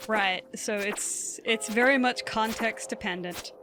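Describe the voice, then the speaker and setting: A woman's voice: fairly high pitch, unhurried. A woman with a Southern US accent, chatting and reading chat aloud while streaming a game, laughing often. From Southern United States. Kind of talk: casual live-stream chat. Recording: game music playing behind the voice. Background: game music.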